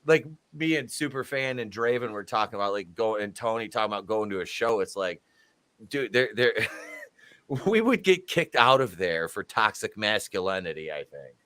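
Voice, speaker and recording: A man's voice: on the low side, very animated, moderate pace, fairly bright tone. A man co-hosting a casual podcast chat, talking animatedly, laughing often and acting out quotes in exaggerated voices. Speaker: podcast co-host.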